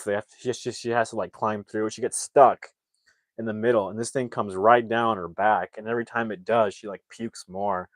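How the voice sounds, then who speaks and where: A man's voice: on the low side, steady tone, moderate pace, dry recording. A man casually retelling a movie's plot, rambling with lots of fillers and acting out the characters' lines. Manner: rambling, filler-heavy, acts out quotes. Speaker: movie reviewer.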